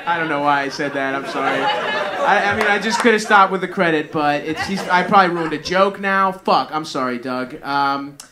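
A man's voice: on the high side, fairly quick, hardly any pauses, a crowd in the background. A man hosting a live comedy show, trading mocking quips and hyping up the next comic in a rambling way. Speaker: podcast host and emcee. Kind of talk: live comedy podcast banter and introductions. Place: comedy club stage with live audience. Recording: live venue with audience.

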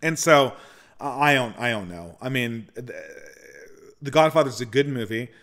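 Guy answering viewer questions, mid-pitch, opinionated and rambly, keeps restarting sentences. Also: animated, moderate pace, a bit bright. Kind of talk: casual Q&A monologue.

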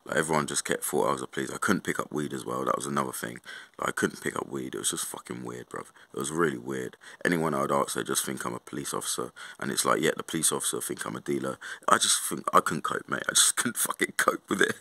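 A young man tells a story as an agitated, sweary rant. His voice is very low and gravelly, yet bright and forceful. The sound is close and dry, with bruv and mate dropped in all the time. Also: fast talker, no echo. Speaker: vlogger.

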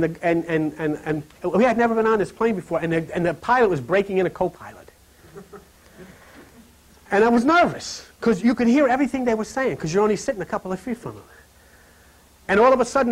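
Male host, high voice, animated storyteller who laughs a lot and turns hushed and low on spiritual points. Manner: animated storyteller, laughs through his stories; drops to a hushed, low, slow voice on spiritual lines. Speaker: host of a spiritual talk program. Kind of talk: rambling spiritual talk with personal anecdotes.

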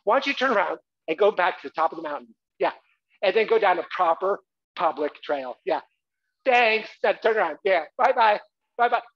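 Man doing a prim middle-aged mom, sing-song, overly polite, raised pitch, lo-fi sound. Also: animated, moderate pace. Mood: politely firm. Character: fussy polite middle-aged mother shooing hikers.

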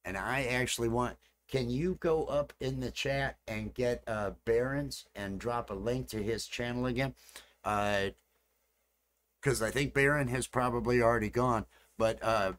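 A man's voice: mid-range voice, a bit bright. A man chatting casually with viewers during a live stream. He rambles and repeats his phrases as he works, and he.

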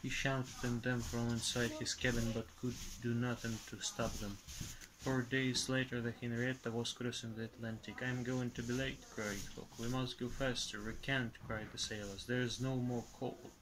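A man's voice: mid-range voice, flat delivery, normal speed. A man reading a story aloud steadily, with occasional slips. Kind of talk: reading a graded reader aloud. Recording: noticeable background noise.

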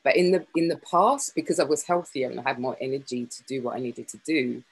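Husky woman speaking haltingly. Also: rumbling low, rough recording. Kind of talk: candid personal sharing on a call.

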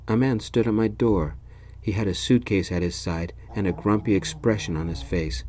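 A man narrating a story in the first person, in a gentle, soft-spoken ASMR style. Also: lowish voice, steady tone, normal speed.

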